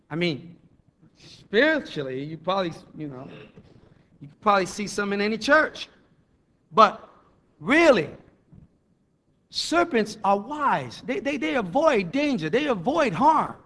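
A man preaching a sermon as a minister, halting and repeating words as he reads scripture slowly. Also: high-pitched, a bit bright.

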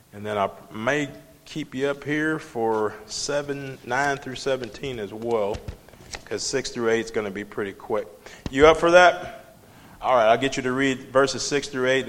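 A man's voice: medium pitch, a bit bright. A man leading a Bible study class, talking it through in an emphatic, conversational way and putting questions to the group. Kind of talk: preaching Bible study lesson. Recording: long hall reverb.

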